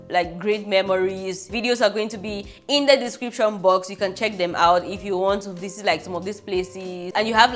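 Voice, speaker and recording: A young woman with a Cameroonian accent tells her travel stories in a relaxed, chatty way. Her voice sits at a middling pitch, and she laughs easily and acts out the people she met. Soft music plays under her talk. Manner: animated, laughing, acts out quotes. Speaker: travel vlogger. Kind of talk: casual travel storytelling. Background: soft background music.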